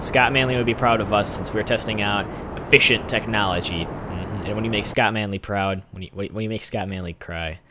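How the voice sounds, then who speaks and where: A man's voice: lowish voice, noisy background. A young man hosting a gaming channel, rambling through chatty let's play commentary and filling the silence with asides. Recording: game music playing underneath.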